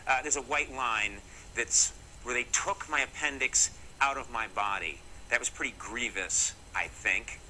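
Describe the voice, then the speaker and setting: Telling stories to camera, this middle-aged Massachusetts man hosts a comedy segment in a mock-serious, jokey style full of wry asides. He speaks at a measured pace with a medium pitch and a bright, forceful tone, though the audio is poor and carries slight background noise.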